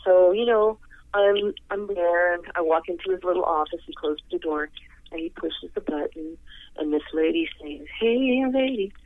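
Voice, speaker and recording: Animated storyteller on a tinny phone line. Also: male voice, normal speed. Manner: animated, rambling, jumps to high pitch in quoted reactions. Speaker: interview guest, singer. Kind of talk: casual storytelling.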